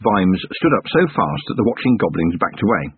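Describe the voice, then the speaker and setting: A man reading a novel aloud as an audiobook narrator, with expressive, wry storytelling. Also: low-pitched, a little fast, breathy edge, no echo. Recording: narrow phone-like band, dry.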